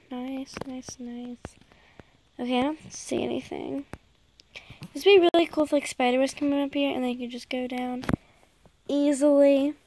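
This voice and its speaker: A woman chatting excitedly to her viewers while commenting on her gameplay. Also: high-pitched, a little hiss or hum, poor audio. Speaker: gaming YouTuber.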